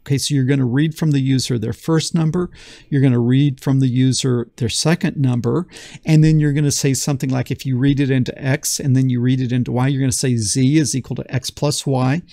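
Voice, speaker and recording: A man's voice: mid-range voice, fairly even intonation, fairly quick, vocal fry, warm tone, no room sound, clean studio sound. A man teaching a beginner programming lesson in a folksy, enthusiastic way, often repeating phrases for emphasis. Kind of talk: screen-recorded coding lesson.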